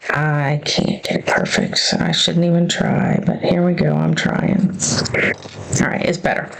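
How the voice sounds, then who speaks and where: A woman's voice: sits low, flat delivery, a little slow, gravelly, slight background noise, poor audio. A woman planner vlogger thinking aloud as she crafts, hesitant and self-questioning as she works out her choices.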